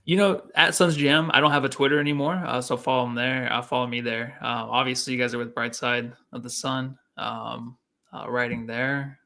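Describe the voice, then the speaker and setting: A man appearing as a guest on a casual sports podcast, easygoing and quick to laugh at himself. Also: medium pitch, little pitch movement, gravelly, bright, forceful tone.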